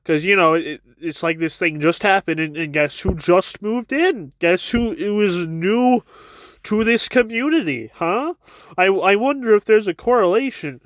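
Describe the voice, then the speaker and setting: A man's voice: sits high, moderate pace, hardly any pauses, dry recording. A man giving a casual chapter review with wry asides, often stammering and repeating his words.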